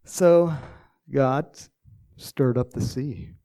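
A man's voice: mid-range voice, drawn-out words, dark tone. A man preaching a casual sermon, telling stories and praying in a folksy, chatty way.

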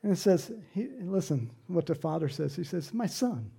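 A man's voice: fairly high pitch, moderate pace, gravelly, mellow, slightly rough. A man preaching a sermon, telling the story dramatically with asides and questions to the congregation.

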